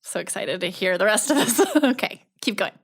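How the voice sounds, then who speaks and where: A woman's voice: mid-range voice, expressive, brisk. A woman podcast host chatting casually and reacting with laughter and short remarks. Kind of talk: casual chat.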